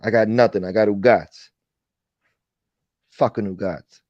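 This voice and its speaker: A man's voice: fairly low pitch, fairly even intonation, a little slow, darkish tone, no echo, lo-fi sound. A man hosting a casual livestream chat, ranting with profanity and thanking viewers for donations. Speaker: livestream host.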